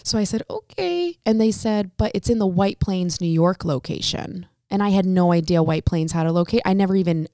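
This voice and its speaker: Her voice runs low and a little fast with few pauses, captured cleanly in the studio with no room sound. She's a Connecticut salon owner and hairstylist, a lively interview guest who performs the dialogue in her stories.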